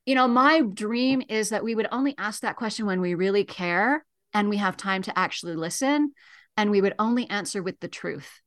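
Calm, measured middle-aged woman educator. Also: medium pitch. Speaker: grief educator. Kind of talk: radio interview guest.

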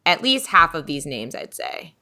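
Bright-voiced chatty woman. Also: low-pitched, moderate pace. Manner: chatty, laughs often, animated storytelling. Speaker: podcast co-host. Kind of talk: casual chat.

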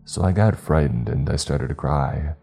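A man narrates a first-person horror story in a measured, confessional way. His voice is extremely deep and dark in tone. Faint music runs beneath the narration. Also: gravelly.

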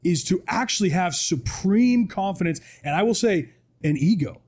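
A man with a high, dark and husky voice talks as a guest in a podcast studio. He preaches with emphasis and keeps checking in with "right?". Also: animated, normal speed. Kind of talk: animated motivational talk.

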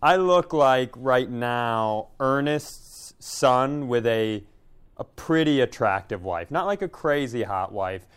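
A man's voice: medium pitch, lively intonation, slow, smooth. A middle-aged man co-hosting a casual comedy chat, making self-mocking jokes. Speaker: podcast co-host.

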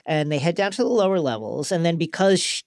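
A man's voice: on the high side, animated, fast, dry recording, clean studio sound. Playful man recapping an episode. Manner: playful, retells scenes with quoted voices. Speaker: podcast co-host. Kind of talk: casual recap chat.

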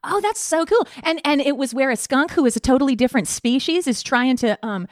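A woman's voice: sits high, brisk, dry recording, clean studio sound, close to an everyday voice. A woman playing a chirpy female co-host in an improvised comedy scene.

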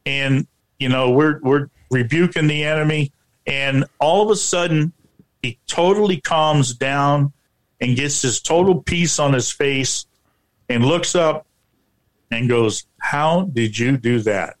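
A man with a fairly high-pitched voice, working as a paranormal researcher, tells a personal story in fits and starts. He repeats himself a lot and leans on "you know" to bridge gaps.

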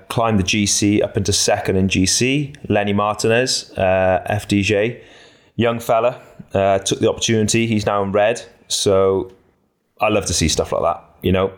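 A man's voice: fairly low pitch, measured pace. A man co-hosting a podcast, talking casually and loosely, with frequent ums and restarts as he breaks down a race. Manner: relaxed, rambling, many ums and restarts. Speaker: podcast co-host, cycling pundit.

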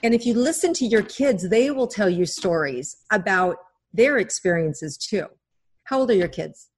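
A middle-aged woman speaks as a psychic-medium guest in a podcast interview. She talks at an ordinary mid pitch, guiding the listener gently and weaving in stories as she goes. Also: lively intonation, normal speed, breathy edge. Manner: gentle, coaching storyteller.

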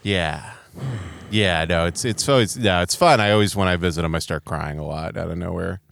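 A man's voice: low-pitched, fairly quick, gravelly, fairly bright tone, slight background noise. A man in his thirties co-hosting a podcast, joking and riffing in casual chat. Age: 30s. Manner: joking, riffs and chimes in with bits. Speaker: podcast co-host.

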